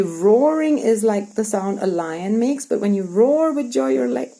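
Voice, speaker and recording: A woman's voice: medium pitch, normal speed, few pauses, dark tone, low-quality recording. A woman teacher reading a storybook aloud to young pupils and acting out its lines as she explains words.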